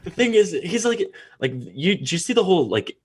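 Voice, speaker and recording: Young guy guest on a podcast, husky voice, pitch jumps all over, excitable, acts out quotes. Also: a little fast. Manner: excitable storyteller, does voices when quoting. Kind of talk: casual podcast chat.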